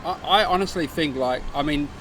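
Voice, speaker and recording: Relaxed rambling male podcast host. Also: a little high, brisk, a little hiss or hum. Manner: relaxed, rambling with fillers and restarts. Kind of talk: casual interview chat.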